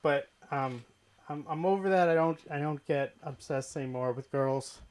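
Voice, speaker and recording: Halting, slightly high-voiced stand-up man. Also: smooth. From Boston. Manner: hesitant, halting delivery with deadpan punchlines. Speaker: stand-up comedian. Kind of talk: open mic stand-up. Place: comedy club stage.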